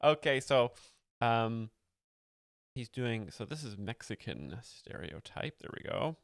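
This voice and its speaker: A man explaining jokes with deadpan, mock-earnest seriousness, stopping for fillers and chat messages. His voice sits at an ordinary middle pitch. The sound is close and dry, with no room around it. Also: takes it slowly, vocal fry, no echo. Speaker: host explaining jokes on a livestream. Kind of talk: deadpan satirical commentary.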